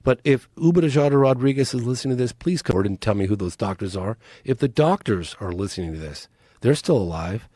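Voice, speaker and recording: A man's voice: medium pitch, expressive, fast, warm tone, no echo, clean studio sound. A man, a documentary filmmaker, talking as a podcast guest in an earnest, urgent way and pressing his case. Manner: earnest, urgent, pleading appeals. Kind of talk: casual interview talk.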